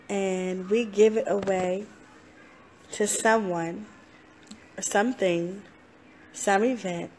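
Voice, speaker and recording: A woman's voice: mid-range voice, darkish tone, a little hiss or hum. A woman life coach giving a motivational talk, earnest and repetitive, breaking into laughs now and then. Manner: slow, repetitive, earnest, with laughs and playful self-talk voices.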